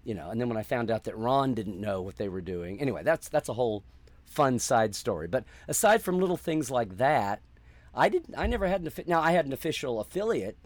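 A man reminiscing as an interview guest, lively and expressive. He jumps up into the voices of the people he quotes. The sound is close and dry, with no room echo. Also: mid-range voice, brisk. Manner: animated storyteller, acts out quoted reactions.

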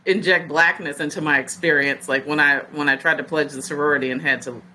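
Woman, 40s, podcast guest; low voice, bright edge, animated storyteller. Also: fairly quick, a little hiss or hum, rough recording. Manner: lively storyteller who acts out other people's words. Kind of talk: casual storytelling.

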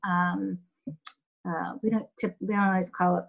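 Thoughtful woman pausing often with fillers. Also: lowish voice, level tone, gravelly, lo-fi sound. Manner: thoughtful, halting with many fillers. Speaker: health center executive. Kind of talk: interview answers.

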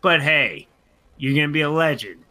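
A man's voice: a little high, lively intonation, normal speed, sharp tone. A man co-hosting a casual radio show, joking and riffing on each topic. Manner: jokey, riffs with mock announcer voices.

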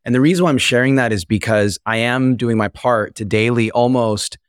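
A man's voice: mid-range voice, brisk, smooth, dry recording, clean studio sound. A man co-hosting a podcast interview, sharing personal experiences earnestly. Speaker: podcast co-host. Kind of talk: interview conversation.

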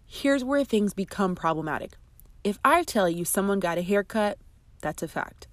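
A woman's voice: medium pitch, animated, moderate pace, dry recording. A woman hosting an advice podcast as a friendship coach, talking in a chatty, emphatic way with asides. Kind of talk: scripted podcast narration and advice.

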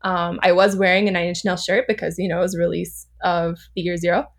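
A woman's voice: on the low side, fairly quick. Chatty woman from Southern California. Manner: chatty, animated, laughs often, many fillers. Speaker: podcast guest. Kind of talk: casual storytelling.

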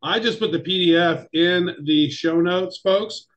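An emphatic, excitable man co-hosts a casual news chat. His voice sits somewhat high for a man. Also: measured pace, slight background noise, rough recording. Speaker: podcast co-host.

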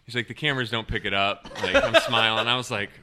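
A man telling a lively golf story as a podcast guest, acting out what people said. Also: on the low side, fast talker, heavy background noise. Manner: animated storyteller acting out quotes. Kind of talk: casual storytelling.

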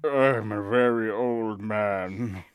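A man voicing a rambling, crotchety eighty-nine-year-old grandpa with a creaky, slow drawl. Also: on the low side, dry recording, voice pushed down. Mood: grumbling. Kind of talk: playing a party card game.

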